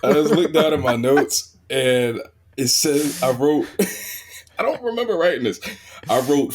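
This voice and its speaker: A man on a casual podcast who swears freely, laughs often and drops to a low mutter at times. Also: expressive, measured pace, darkish tone, a little hiss or hum. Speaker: podcast guest.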